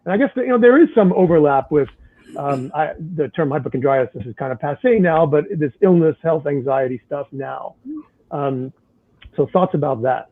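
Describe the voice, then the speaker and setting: A man's voice: fairly high pitch, moderate pace. A man moderating a casual panel over a video call, chatty, often trailing off and restarting. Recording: tinny phone-like line.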